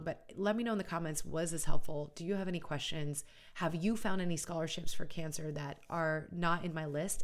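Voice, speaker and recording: A middle-aged woman hosting an educational video, talking earnestly and conversationally and often checking in with "right?". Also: low-pitched. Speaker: college funding educator and channel host. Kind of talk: casual educational video talk.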